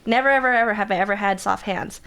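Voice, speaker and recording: A woman's voice: medium pitch, fairly bright tone. A woman who is a guest on an interview show, talking in a bubbly, chatty way and laughing often. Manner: bubbly, chatty, quick to laugh, many fillers. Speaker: guest, jiu-jitsu black belt. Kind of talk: casual interview chat.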